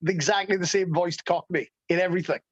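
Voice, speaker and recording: A man chatting as a podcast guest, animated and enthusiastic, laughing often. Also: sits high, fast, no echo, muffled recording. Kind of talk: casual chat.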